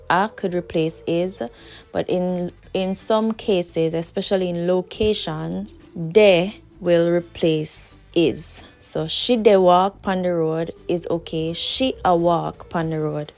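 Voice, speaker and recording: A woman with a Jamaican accent teaching a language lesson, patiently repeating each example sentence slowly. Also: lowish voice, darkish tone.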